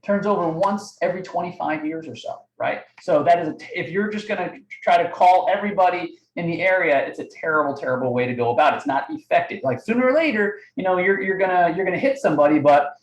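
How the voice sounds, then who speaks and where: A man's voice: high-pitched, fast talker, few pauses, reverberant, poor audio. A man hosting a live sales training webinar, talking energetically and firing off "right?" and "okay?" at his audience. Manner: energetic, coaching, many rhetorical "right?" and "okay?". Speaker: webinar host.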